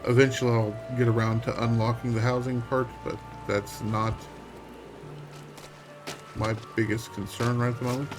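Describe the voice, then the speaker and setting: A man streaming a game, giving relaxed, wry commentary that half talks to himself. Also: medium pitch, normal speed, over music. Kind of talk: casual gameplay commentary.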